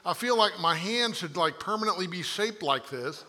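A man's voice: high voice, lively intonation, normal speed, sharp tone. A man preaching a sermon to a church congregation in a conversational, rambling way, often checking in with "right?". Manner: conversational, digressive, frequent rhetorical "right?". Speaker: pastor. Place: church sanctuary.

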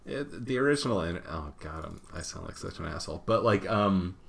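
A man's voice: low-pitched, animated, a little fast, creaky. A man co-hosting a podcast, chatting casually and ranting animatedly with plenty of profanity. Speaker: podcast co-host. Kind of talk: casual chat.

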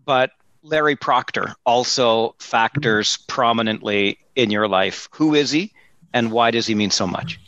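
A man hosting a podcast, asking a guest questions in a measured way. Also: mid-range voice, a bit bright, no room sound. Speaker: podcast host. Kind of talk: interview questions. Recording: dry, slightly dull sound.

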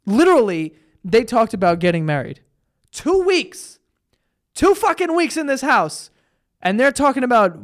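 A man's voice: high voice, animated, measured pace. A young man hosting a solo podcast, ranting profanely and mocking people in put-on voices. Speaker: podcast host. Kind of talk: solo comedic podcast rant with ad read.

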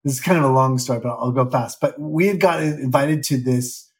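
A man's voice: mid-range voice, fairly quick. Male, 50s, guest actor; loose, rambling, self-mocking podcast chat. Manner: candid, rambling, self-deprecating. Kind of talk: casual interview chat.

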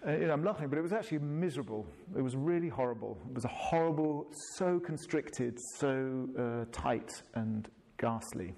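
A man's voice: medium pitch, animated, normal speed, gravelly, few pauses, darkish tone. A man telling a reflective personal story in a wry, self-deprecating way, laughing at himself.

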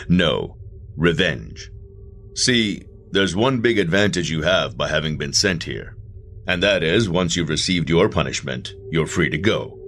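A man playing a calm, persuasive male agent of the underworld in a black suit, quietly gloating in a horror audio drama. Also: sits low, a little slow, soft background music, heavily acted.

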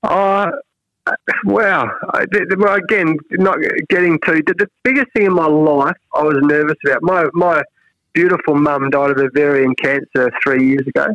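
A middle-aged Australian man in a relaxed interview, telling stories and acting out what others said. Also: normal speed, dry recording. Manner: animated, acts out quoted voices with big pitch jumps. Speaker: national cricket head coach, guest. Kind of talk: casual storytelling interview. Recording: dry, dull lo-fi sound.

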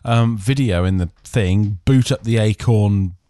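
A man's voice: on the low side, measured pace, mellow, no echo, clean studio sound. A man hosting a podcast, rambling through casual chat with many fillers and restarts. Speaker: podcast host.

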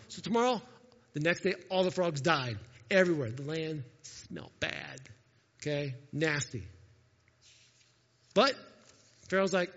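A man preaching a sermon as a pastor, animated and jokey, talking straight to his congregation. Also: fairly high pitch, a little slow, pauses often. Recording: echoey hall, dull lo-fi sound.

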